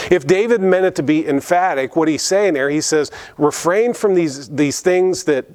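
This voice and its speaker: Male pastor, mid pitch, earnest sermon delivery, repeats and restarts. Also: a little mellow. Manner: earnest preaching with repetitions and restarts. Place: church.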